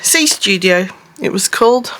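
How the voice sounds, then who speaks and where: A middle-aged woman hosting a casual craft vlog, talking quickly in a chatty, rambling way with frequent small laughs. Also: mid-range voice, lively intonation, fairly bright tone. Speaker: craft channel host. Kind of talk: casual show-and-tell vlog.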